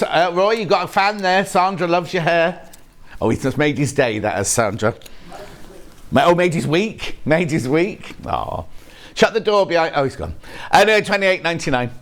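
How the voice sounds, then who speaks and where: A man hosting a live shopping channel show, chatting, joking with the crew and reading out viewer messages. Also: sits high. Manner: chatty, jokey, reads viewer messages aloud. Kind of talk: live TV sales chat. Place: TV studio.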